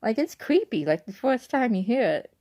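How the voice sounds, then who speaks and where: A woman's voice: fairly high pitch, very animated, normal speed, dark tone. A young woman telling a rambling story casually at home in her bedroom at night, full of "like" and asides. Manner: rambling, chatty, lots of "like". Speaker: vlogger.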